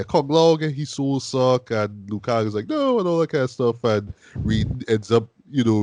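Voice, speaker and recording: A man's voice: on the low side, darkish tone, no room sound. Laid-back man chatting. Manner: loose and conversational, repeats "boy" as a tag. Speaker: podcast host. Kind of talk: casual film review chat.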